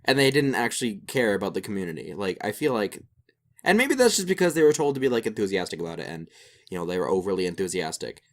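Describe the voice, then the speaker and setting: A man's voice: fairly low pitch, fast. A young man co-hosting a podcast, chatting casually and rambling with lots of fillers. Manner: animated, rambling with many fillers. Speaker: podcast co-host. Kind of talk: casual chat.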